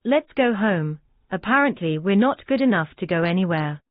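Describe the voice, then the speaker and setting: Casting: woman voicing a snappish sarcastic uncle, flat, tinny and dry. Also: mid-range voice, normal speed, no room sound, natural voice. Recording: dry, tinny phone-like sound.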